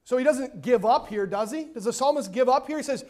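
High-voiced emphatic male preacher. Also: fairly quick. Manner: emphatic, swings between loud and hushed; repeats words when stressing points. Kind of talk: sermon. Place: church sanctuary.

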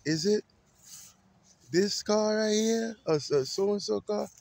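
A startled young woman at a gas pump, voiced by a man telling a story. Her voice jumps high and exclaims in surprise, with a loose, casual delivery. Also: takes it slowly, gravelly, a little mellow, no room sound, full character voice. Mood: surprised.

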